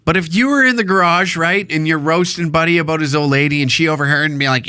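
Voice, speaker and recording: A man's voice: a little high, fast, hardly any pauses, bright, forceful tone, clean tone, no echo. A man hosting a solo podcast, ranting in a blunt, profane, rambling and jokey way. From Canada. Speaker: podcast host. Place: alone in a small recording room.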